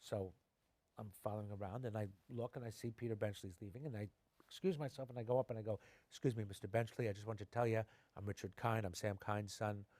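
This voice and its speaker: A middle-aged man, an actor being interviewed, telling animated stories and acting out the people in them. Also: fairly low pitch, fast, no echo. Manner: animated anecdotes, acting out quoted voices. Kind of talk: conversational storytelling. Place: television studio.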